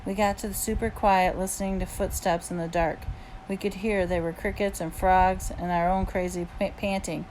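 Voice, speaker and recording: A woman's voice: fairly low pitch, fairly even intonation, normal speed, darkish tone, a little hiss or hum, low-quality recording. A woman reading a novel aloud in the first person, with plain, easygoing storytelling. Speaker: audiobook reader.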